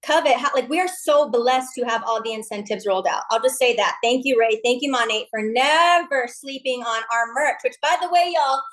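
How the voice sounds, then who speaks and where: A woman's voice: fairly high pitch, a little fast, few pauses, a bit bright. A woman leading a team call, giving an upbeat motivational pep talk with folksy slang. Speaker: MLM team leader on a call.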